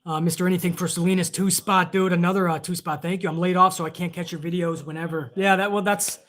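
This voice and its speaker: A man's voice: sits high, fairly even intonation, fast, fairly bright tone. A man hosting a live wrestling stream, chatting casually and rambling with plenty of swearing while reading viewer donations aloud.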